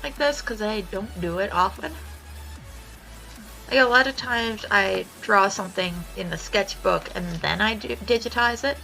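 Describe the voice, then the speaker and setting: A woman's voice: mid-range voice, measured pace, creaky, sharp tone, faint music behind, low-quality recording. A young woman chatting casually while she draws on stream, swearing freely and laughing often as she tells stories. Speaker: art streamer.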